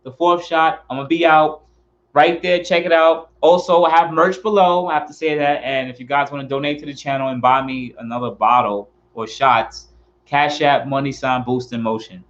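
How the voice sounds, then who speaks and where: Earnest guy vlogging, rambly and repetitive, mid-pitched, bit of a muffled lo-fi sound. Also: fairly even intonation, normal speed, a bit bright. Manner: earnest, rambling, repeats himself. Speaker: car channel host. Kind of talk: casual heartfelt vlog talk.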